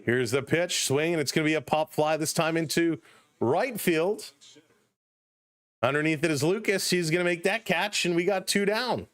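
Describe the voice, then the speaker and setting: A man with a Canadian accent calling a baseball game live as a stream host, chatting with viewers between pitches. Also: moderate pace, a bit bright, no room sound. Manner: chatty, reads viewer chat and laughs often. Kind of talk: casual play-by-play commentary.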